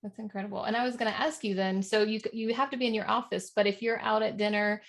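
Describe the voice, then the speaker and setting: A woman's voice: medium pitch, steady tone, quick pace. Affirming woman interviewer on a video call. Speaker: interviewer host. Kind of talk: live interview.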